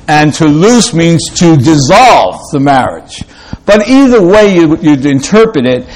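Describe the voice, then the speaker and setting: A male preacher delivers a sermon at an unhurried pace, often pausing and restarting with fillers. His voice sits a little high for a man, and he draws out scripture readings word by word. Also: rough recording. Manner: slow and halting, with many fillers and restarts, reading scripture slowly.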